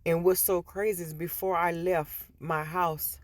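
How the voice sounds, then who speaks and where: A woman vlogger casually telling a personal story, animated and often restarting and repeating words, on a headset mic. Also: fairly low pitch, measured pace, dry recording.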